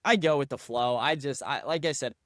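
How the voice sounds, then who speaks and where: A man's voice: medium pitch, fairly quick, a bit bright, no echo, studio quality. An American man hosting a solo podcast, riffing profanely and combatively while answering listener comments. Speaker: podcast host.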